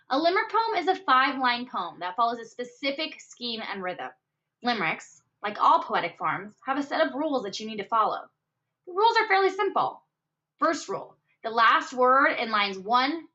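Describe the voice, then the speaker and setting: A woman explaining a poetry lesson in an upbeat way, counting out syllables slowly and stressing each word. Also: on the high side, big pitch swings, sharp tone. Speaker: teacher. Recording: dull lo-fi recording.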